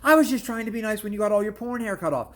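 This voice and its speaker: A channel host with a high, rapid-fire, slightly bright voice delivers a profane comedic rant to camera. He tells stories bluntly and crudely, swearing constantly and dropping repeated "I'm like" asides.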